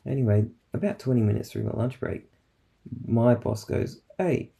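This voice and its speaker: A man's voice: medium pitch, fairly even intonation, normal speed, creaky, warm tone, breathy edge. A man casually telling rambling stories about his workday in a vlog, swearing now and then. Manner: rambling, swears, acts out coworkers' quotes. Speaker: vlogger recounting his workday.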